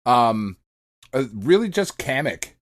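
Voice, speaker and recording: A man's voice: medium pitch, big pitch swings, slow. A middle-aged man co-hosting a podcast, chatting casually and swearing freely. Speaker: podcast co-host. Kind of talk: casual chat.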